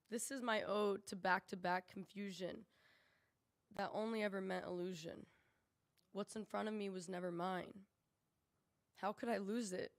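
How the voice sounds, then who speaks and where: A woman reading a rhymed spoken word poem on a poetry cafe stage, earnest and measured. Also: medium pitch. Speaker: open mic poet.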